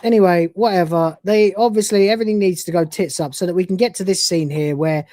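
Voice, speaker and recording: A man's voice: sits high, fast, dark tone, no room sound, clean studio sound. A man hosting a live review stream, ranting and swearing in exasperation. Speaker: host.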